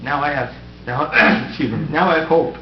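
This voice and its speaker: A man's voice: fairly high pitch, normal speed. A middle-aged man, an outgoing mayor, giving a prepared farewell speech from a council dais with wry, self-deprecating humor. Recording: echoey, dull, noisy room recording.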